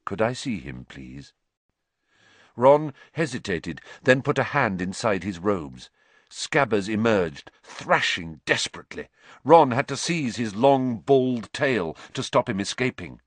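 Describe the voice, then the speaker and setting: A man narrating an audiobook in an expressive, measured way. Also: mid-range voice, no room sound.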